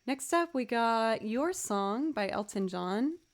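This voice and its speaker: A woman's voice: on the high side, expressive, takes it slowly. A woman chatting casually on a livestream, tired and yawning, rambling and thanking viewers as she goes. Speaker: streamer and musician.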